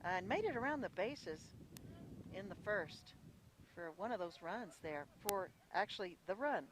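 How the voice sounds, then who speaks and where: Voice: mid-range voice, animated, normal speed, a bit bright, a little hiss or hum. Chatty ballpark radio announcer outdoors. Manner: chatty, folksy, often unsure of details and self-correcting. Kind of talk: live radio sports commentary. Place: outdoors at a windy high school ballpark.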